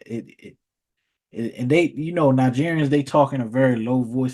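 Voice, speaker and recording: A man's voice: mid-range voice, normal speed, darkish tone. Rambling, profane man telling stories. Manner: rambling, profane, repeats words. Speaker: vlogger. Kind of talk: casual storytelling rant.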